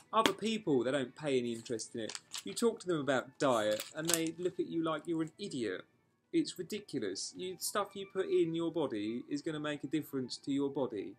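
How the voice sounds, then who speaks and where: Frank, sweary man vlogging. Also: on the high side. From England. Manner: frank, emotional, swears freely, talks in rambling restarts. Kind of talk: candid personal storytelling vlog.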